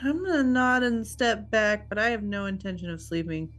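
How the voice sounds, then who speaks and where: A woman playing a tabletop game, speaking in a halting, giggly way with many fillers. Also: medium pitch, a bit bright, soft background music. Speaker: player. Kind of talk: casual tabletop play.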